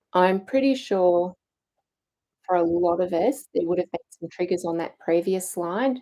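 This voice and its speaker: A woman's voice: on the low side, a little mellow, poor audio. A middle-aged woman coaching a challenge group on mindset, earnest and encouraging, acting out inner self-talk.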